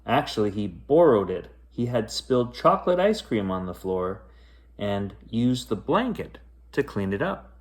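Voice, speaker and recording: Man, bedtime story reader, slow, lilting, expressive, picture book. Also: lowish voice. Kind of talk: bedtime story read-aloud.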